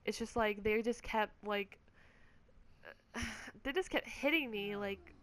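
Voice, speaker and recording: A woman's voice: medium pitch, slow, a bit bright. A woman gamer vlogger telling a story in a casual, rambling rant, swearing often and filling her speech with "like". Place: at home.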